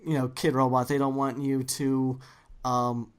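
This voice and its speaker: Woman, low voice, podcast host, enthusiastic, rambling questions. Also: level tone, measured pace. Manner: enthusiastic and rambling, with many fillers. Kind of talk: casual interview chat.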